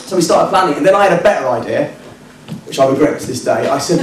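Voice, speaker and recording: A man's voice: medium pitch, rapid-fire, noisy background. Self-mocking male storyteller in an echoey club. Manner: self-mocking, hesitant with ums and restarts. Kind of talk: live comic storytelling. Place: working men's club stage, indoors. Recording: echoey club with distant mic and audience. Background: live audience.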